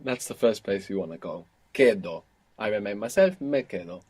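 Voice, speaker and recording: A man's voice: on the low side, animated, moderate pace, a little mellow, slightly rough. A man teaching a spoken language lesson, patiently drilling phrases step by step with his students.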